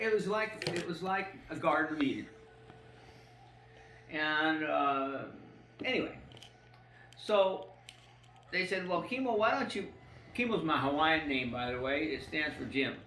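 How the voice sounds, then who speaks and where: A man's voice: on the high side, bright, forceful tone, slight background noise. An older man rambling through a personal story at home, full of fillers and swearing. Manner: rambling, profane, with many fillers. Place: a room at home. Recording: roomy echo, faint ambience.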